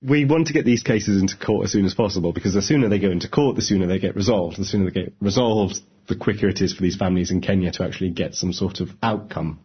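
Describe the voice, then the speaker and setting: Deep, husky man lawyer talking casually. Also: fast, no echo, dull audio. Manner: informal, chatty, colloquial. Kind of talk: interview, casual explanation.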